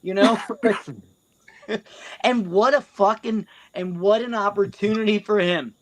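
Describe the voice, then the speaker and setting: Slow, rambling higher-voiced man. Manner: rambling, halting, profane. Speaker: co-host. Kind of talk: casual podcast banter.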